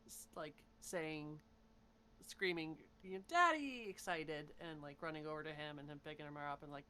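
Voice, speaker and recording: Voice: mid-range voice, a bit bright, slight background noise. A tabletop player describing a scene in a rambling way, full of fillers. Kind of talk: casual tabletop game chat.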